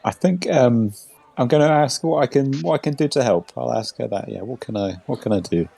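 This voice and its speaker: A man speaking as a player at a tabletop game in a hesitant, halting way. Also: medium pitch, creaky, mellow, breathy edge. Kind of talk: casual tabletop play.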